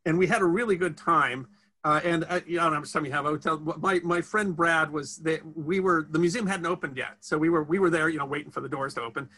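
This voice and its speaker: A man's voice: on the high side, quick pace, sharp tone. A man, a guest in an interview, telling history stories in a rambling chat full of restarts and fillers. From United States.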